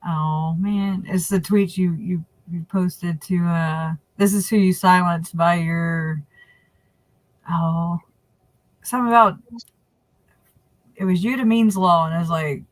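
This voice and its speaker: A woman co-hosting a casual livestream chat, opinionated and quick to laugh. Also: lowish voice, steady tone, dry recording, rough recording. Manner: chatty, laughing asides, opinionated. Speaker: livestream co-host.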